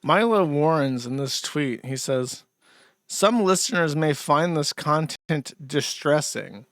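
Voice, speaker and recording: A man's voice: on the high side, lively intonation, slow, fairly bright tone, no room sound, clean studio sound. A male host giving casual, sardonic commentary on clips, laughing often and peppering his talk with "like". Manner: laughing, filler-heavy, sardonic.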